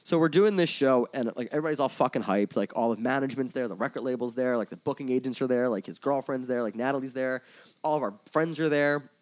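A man talking quickly in a casual podcast chat, his words tumbling out in a loose, rambling stream. He fills every gap with "like," swears freely and speaks with candid, open emotion about his own slip-ups. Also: mid-range voice, darkish tone. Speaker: tour manager and merch coordinator guest.

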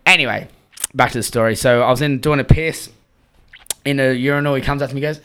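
A man's voice: mid-range voice, fast, fairly bright tone. Rambling Australian guy telling a story. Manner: swearing, rambling, laughing while telling a story. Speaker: podcast co-host. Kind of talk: casual chat, storytelling.

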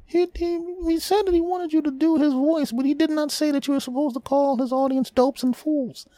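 A man voicing a shrill, fussy male sidekick who scolds and defends the host in a comedy podcast sketch. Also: fairly even intonation, fairly quick, warm tone, no room sound. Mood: scolding. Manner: squeaky and scolding.

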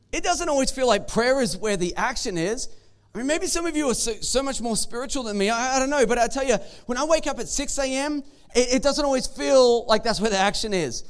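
High-voiced man preaching a sermon. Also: brisk, clean tone. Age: young adult or middle-aged. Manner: conversational and joking, often repeating words. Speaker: pastor.

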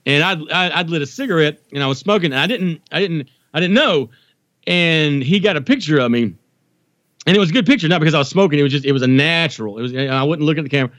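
Animated storytelling man, dry sound. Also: a little high, fast, no room sound. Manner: animated storyteller, self-deprecating, many restarts. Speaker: guest, poet. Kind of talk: casual chat.

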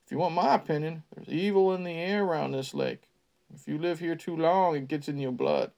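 A man's voice: fairly high pitch, a little fast, vocal fry, darkish tone. A man reading aloud and voicing a folksy, ominous older gas station owner with a drawling manner. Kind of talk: read-aloud character voice.

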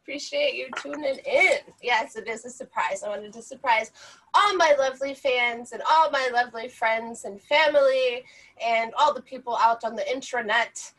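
A woman's voice: a little high, moderate pace, fairly bright tone. Playful woman hosting a live stream. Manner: playful, laughing, teasing. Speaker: host. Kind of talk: casual live-stream chat.

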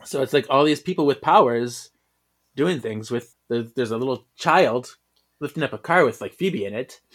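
Male co-host, casual rambling recap, quick to laugh, mid-range voice. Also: medium pitch, lively intonation. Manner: laughs often, loose and rambling. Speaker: podcast co-host. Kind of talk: casual comic book recap chat.

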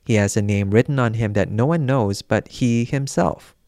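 A man reading scripture aloud in a measured, solemn, unhurried way. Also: fairly low pitch, darkish tone, dry recording, clean studio sound. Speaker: scripture reader.

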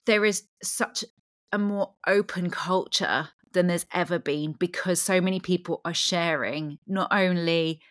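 Chatty woman, low voice. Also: measured pace, no room sound, studio quality. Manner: chatty, laughs often, fills with "like". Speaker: podcast host. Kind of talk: casual chat.

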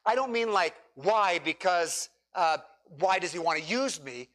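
A man preaching a sermon, leading his congregation through scripture with dramatic pauses and emphatic repetition. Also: high-pitched, expressive. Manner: preaching with dramatic pauses, rising to near shouts. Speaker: pastor.

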